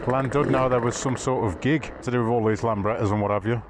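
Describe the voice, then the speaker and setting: A man riding a motorbike on rough trails, chatting to himself and the camera in a casual, self-mocking way. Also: mid-range voice, steady tone, fast. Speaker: motorcycle vlogger. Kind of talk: casual running commentary while riding. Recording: outdoor wind and engine noise.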